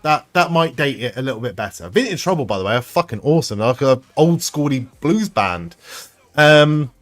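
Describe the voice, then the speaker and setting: A man's voice: medium pitch, expressive, a little fast, fairly bright tone, soft background music. A man hosting a live stream, chatting casually with viewers, rambling and swearing freely. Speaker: livestream host reading chat.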